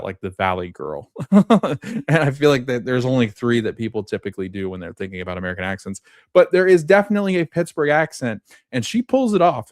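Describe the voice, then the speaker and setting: Early in the morning, a male podcast host recaps a TV episode, just waking up as the coffee kicks in. He rambles casually, full of fillers, restarts and self-corrections. His fairly low voice comes through clean and studio-quality, with no echo.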